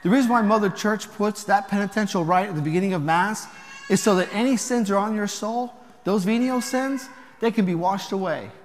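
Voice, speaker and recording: A man preaching a sermon as a priest, talking conversationally with rhetorical questions and gentle humor. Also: sits high, brisk. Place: church. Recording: long reverb of a church.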